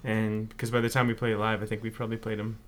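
A man's voice: fairly low pitch, little pitch movement, fast, a bit bright. A young man, a band member, chatting casually and playfully in an interview about joining the group. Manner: playful, slips into joke accents. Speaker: band member, new guitarist.

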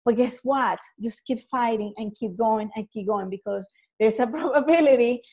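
A woman's voice: on the high side, normal speed, darkish tone, husky. A woman educator talking casually to the camera, chatty, with many fillers and frequent laughs.

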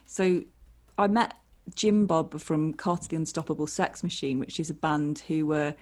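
A woman's voice: low-pitched, normal speed, a little mellow. A woman from England, a podcast guest telling rambling, self-deprecating stories and acting out what people said. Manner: rambling, self-deprecating storyteller with acted-out quotes. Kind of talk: casual anecdotal chat.

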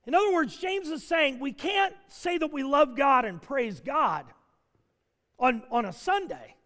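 High-voiced preaching pastor in a reverberant hall. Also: male voice, expressive, unhurried. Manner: earnest preaching, rising to shouts for emphasis. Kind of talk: sermon.

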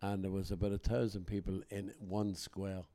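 A man's voice: deep voice, normal speed. An older Irish man hosting a podcast, telling jokes and acting out the people he quotes. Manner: animated joke-teller, acts out quotes. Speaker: podcast host. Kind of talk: casual storytelling chat.

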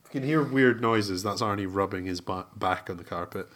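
A man co-hosting a podcast in casual chat, answering in a dry, deadpan way. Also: on the low side, fairly quick. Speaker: podcast co-host.

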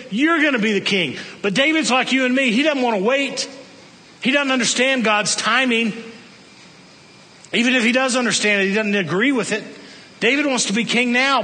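Male pastor, high bright voice, animated sermon delivery, loud-to-hushed swings, echoing hall.

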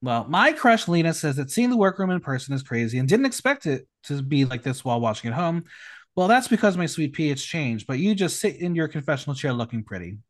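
A man's voice: fairly high pitch, big pitch swings, fairly quick. A man hosting a recap podcast, reading a script in a sassy, teasing way and bantering with his guest. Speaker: podcast host.

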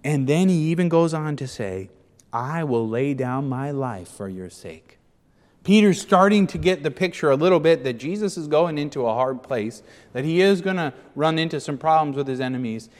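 A man preaching a sermon as pastor, animated and acting out the speakers in the scripture passage. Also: a little high, a little fast, hardly any pauses, long reverb tail.

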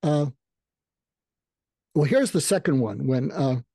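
A man's voice: on the high side, expressive, takes it slowly, dark tone, slightly rough, no echo, studio quality. An older man, a psychiatrist guest in a podcast interview, explaining advice and acting out sample lines in a raised voice.

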